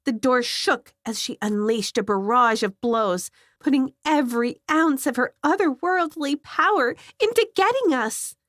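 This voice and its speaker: A woman narrating a scripted horror story in a measured, suspenseful way, close to the mic. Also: sits high, lively intonation, fairly bright tone, no echo.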